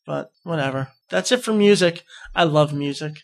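High-voiced excitable young podcast host. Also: male voice, normal speed, creaky. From New Jersey. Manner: excitable, rambling, jokey. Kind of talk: casual podcast chat.

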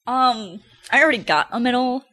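A woman's voice: on the high side, animated, normal speed, bright, forceful tone. Woman making dry, teasing quips. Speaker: podcast co-host. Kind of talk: casual chat.

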